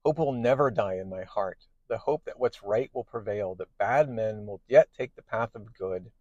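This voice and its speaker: A man reading the lines of an earnest, hopeful male superhero, a little halting. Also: on the low side, mellow, no echo, dull audio, close to an everyday voice.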